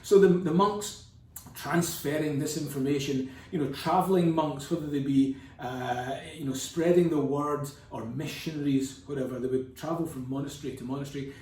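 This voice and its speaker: A man's voice: fairly high pitch, moderate pace, a little mellow, a little hiss or hum. A man giving a casual, chatty lesson, digressive with playful asides. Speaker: whisky educator. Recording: roomy, distant from the mic.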